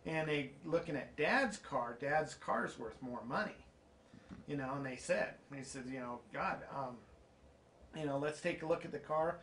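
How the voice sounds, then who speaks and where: A man's voice: on the high side, normal speed, a bit bright, a little hiss or hum. Eager man retelling his dad's story. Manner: eager, laughing, prompting his dad. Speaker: channel host. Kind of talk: casual storytelling and viewer Q&A.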